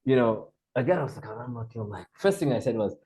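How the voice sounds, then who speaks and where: Lively man telling stories. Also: mid-range voice, fast talker, low-quality recording. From Zambia. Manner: animated storyteller, acts out dialogue, laughs often. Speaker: podcast guest. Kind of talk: casual storytelling interview.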